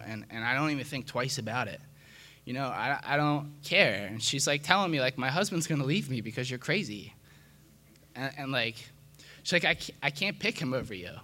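Bright-voiced man telling his recovery story. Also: mid-range voice. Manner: rambling, confessional, full of fillers and restarts; frank and self-mocking about his past. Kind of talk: candid personal testimony.

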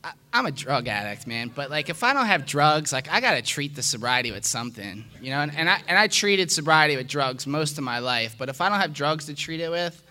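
A man's voice: on the high side, expressive, fairly quick, few pauses, sharp tone. A man telling his recovery story in a frank, self-mocking way, often dropping "man" and restarting his sentences. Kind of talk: candid personal testimony.

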